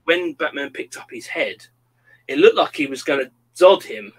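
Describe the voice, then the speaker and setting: A man's voice: a little high, normal speed, breathy edge, rough recording. A man in his thirties, chatting casually and acting out quotes as he tells stories. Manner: animated storyteller, acts out quotes. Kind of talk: casual chat.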